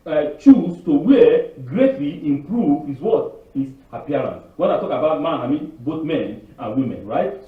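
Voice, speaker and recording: A man giving an informal, rambling sermon, asking rhetorical questions and answering them himself, and acting out other people's voices with big jumps in pitch. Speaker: spiritual leader giving a weekly Torah talk. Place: Canada. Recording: distant, echoey, phone-like room recording.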